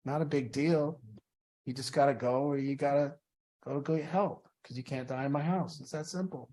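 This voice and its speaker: A man's voice: on the high side, moderate pace, mellow. A man leading an addiction support group, talking in an earnest, plain-spoken way that repeats phrases for emphasis.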